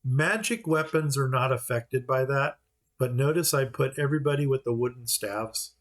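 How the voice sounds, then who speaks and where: A man's voice: medium pitch, moderate pace. A man giving casual let's-play commentary, explaining each step as he plays and now and then mock-voicing the characters. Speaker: gameplay commentator.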